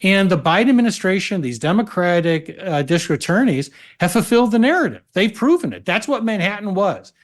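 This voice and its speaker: A man appearing as a legal analyst guest on a talk show, making his argument in a measured way. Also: high-pitched, sing-song. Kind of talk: political talk show conversation.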